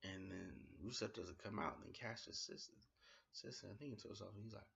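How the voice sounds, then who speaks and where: A man with a low, somewhat husky voice recaps a wrestling show in a loose, slangy way. He gets excitable and leans on fillers as he talks. The recording sounds dull and lo-fi. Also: fairly quick. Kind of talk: casual spoken review recap.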